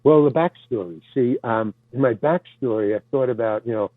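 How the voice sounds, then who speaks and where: A man's voice: medium pitch, normal speed, no echo. An older man, a guest actor, tells rambling stories with stammering restarts and casual swearing, on a tinny, phone-like recording. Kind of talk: rambling anecdotal storytelling. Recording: tinny phone-like dry sound.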